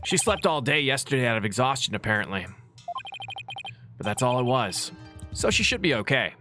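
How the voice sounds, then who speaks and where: A woman with a lively, expressive pitch makes wry comments while reading through a story game on stream. Game music plays clearly behind her. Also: moderate pace. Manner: dry, wry asides.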